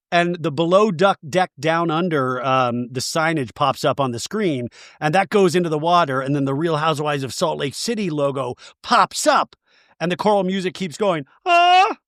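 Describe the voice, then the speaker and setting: A man with a fairly high voice hosts a comedy recap podcast, riffing and tossing out jokey asides as he goes. The sound is close and dry, with no room around it. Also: fairly bright tone, no echo. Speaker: podcast host.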